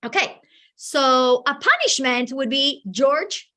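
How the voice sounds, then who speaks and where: A woman teacher trainer presenting an online workshop over a video call, lively and animated, acting out children's voices. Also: a little high, unhurried.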